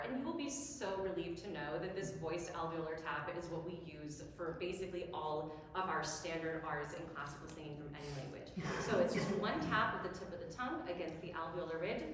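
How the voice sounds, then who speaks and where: A woman giving a diction lecture, slowly demonstrating sounds and having the audience repeat them. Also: on the low side, crowd noise. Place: lecture hall. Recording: very echoey hall, long reverb.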